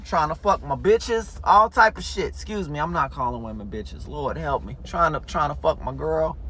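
A man telling a story in a casual, animated way, full of swearing. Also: a little high, slight background noise. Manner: animated, profanity-heavy storytelling.

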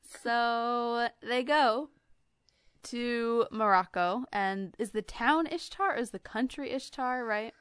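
A woman's voice: on the high side, slow pace, fairly bright tone, smooth, dry recording, studio quality. A young American woman co-hosting a podcast, chatting casually and trailing off with lots of fillers. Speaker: podcast co-host. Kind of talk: casual chat.

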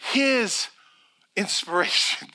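Speaking slowly in a high voice, a middle-aged man delivers a sermon as pastor. He tells stories with animation, playing each character and voicing their words.

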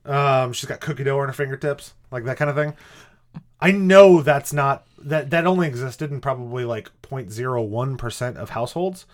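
A man's voice: medium pitch, fairly even intonation, moderate pace. A man co-hosting a podcast in casual chat, rambling and hesitant with wry asides. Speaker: podcast co-host.

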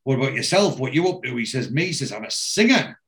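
A man with a medium-pitched voice talks fast while hosting a casual podcast, recapping a TV episode scene by scene. He quotes the characters' lines, steadily dropping "he says" between the quotes.

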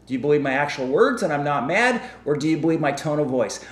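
A male pastor preaching a sermon, animated and asking his congregation questions. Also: fairly high pitch, quick pace, hardly any pauses, roomy sound.

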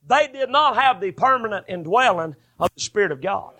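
Fervent high-pitched preacher with a bright voice. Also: male voice, animated, a little fast, hardly any pauses. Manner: fervent, rising to shouted bursts. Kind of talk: sermon.

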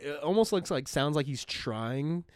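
A man's voice: on the high side, expressive, moderate pace, darkish tone, smooth, no room sound, studio quality. A young American man, hosting a podcast in casual chat, rambling and swearing a lot, laughing as he talks. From United States. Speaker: podcast host.

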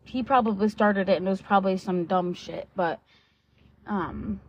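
A woman's voice: mid-range voice, normal speed, a little mellow. A woman in her twenties, telling a personal story in a candid, blunt way, swearing freely and filling her talk with "like" and "um". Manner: candid and blunt, swears often, many fillers like "like" and "um"; acts out quoted dialogue while retelling. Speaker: vlogger. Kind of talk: casual storytelling. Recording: dull lo-fi sound.

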